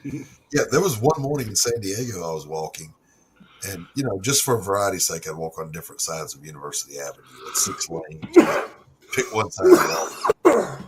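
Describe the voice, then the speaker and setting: A man's voice: lowish voice, a bit bright, slight background noise, poor audio. A middle-aged man hosting a casual stream chat, telling stories loosely and swearing freely. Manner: laid-back storyteller, swearing freely. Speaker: stream host.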